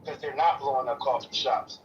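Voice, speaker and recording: A man in a heated political argument, talking in a profane, repetitive way with lots of forceful restarts. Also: medium pitch, fairly even intonation, a little fast. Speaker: debate participant. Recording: distant lo-fi stream audio with faint noise.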